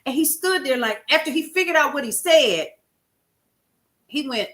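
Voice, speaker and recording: A woman hosting a casual livestream, talking to viewers in a folksy, expressive way, calling out names from the chat and telling stories with lively quoted asides. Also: high-pitched, moderate pace. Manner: expressive, folksy, animated storytelling with chat shout-outs. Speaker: livestream host.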